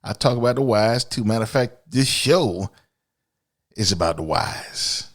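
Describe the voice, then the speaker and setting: Podcast host guy, real slow talker, blunt n cussing, keeps restarting his sentences. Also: fairly low pitch, lively intonation. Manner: blunt, profane, repeats words when starting sentences. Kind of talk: casual podcast monologue.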